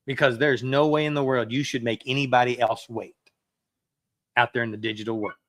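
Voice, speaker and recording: A man's voice: mid-range voice, steady tone, brisk, a bit bright, no room sound. A man preaching a sermon as a pastor, in a conversational way that acts out everyday excuses.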